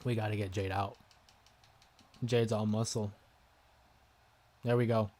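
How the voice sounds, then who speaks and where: A man hosting a live stream, chatting casually and getting excited as he comments on a wrestling video game. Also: on the low side, measured pace, a little hiss or hum. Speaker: gaming livestream host. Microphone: desk microphone with headphones listeners.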